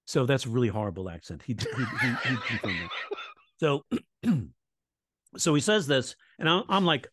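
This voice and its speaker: A man explains how jokes are built, in a relaxed teaching tone that keeps checking in with his listener. He slips into quoted lines and audience reactions as he goes, and his mid-pitched voice sounds dry and close, with no room around it. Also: normal speed, no echo. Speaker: comedy coach and writing teacher. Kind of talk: casual explanatory talk in an interview.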